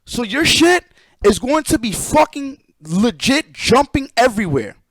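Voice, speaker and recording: A high-pitched man on a live stream, ranting loosely and cursing freely as he explains things to his chat. His voice sits close and dry on the mic, with no room sound around it. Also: measured pace, no echo. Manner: profane, animated, talks to chat. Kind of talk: casual live-stream rant.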